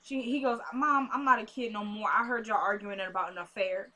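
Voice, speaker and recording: A woman casually recapping a TV episode, acting out characters' lines in an animated, chatty way. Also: medium pitch, fairly quick. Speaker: TV recap host.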